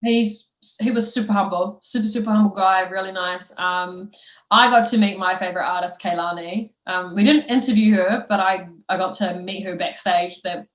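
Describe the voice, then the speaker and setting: A woman's voice: mid-range voice, moderate pace. Chatty New woman, echoey room. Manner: laughing storyteller, lots of fillers. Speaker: guest. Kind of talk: casual podcast chat.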